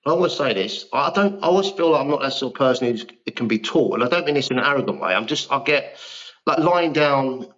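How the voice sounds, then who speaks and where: A man's voice: mid-range voice, lively intonation, quick pace, fairly bright tone, dull audio. A man, an actor guest talking casually and self-deprecatingly on a podcast. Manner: chatty, self-deprecating storyteller.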